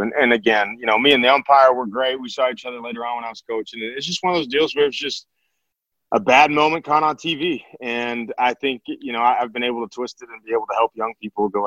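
A man in his thirties, a former college catcher turned high school teacher, telling stories in a podcast interview with many restarts and fillers. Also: brisk, a bit bright, dry recording. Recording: dull, dry podcast audio.

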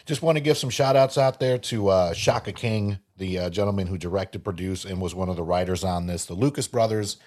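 A man's voice: deep voice, a little fast, hardly any pauses, darkish tone. A man co-hosting a podcast, chatting loosely about a film, rambling and laughing often. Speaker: podcast co-host. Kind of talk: casual movie chat with read ad spot.

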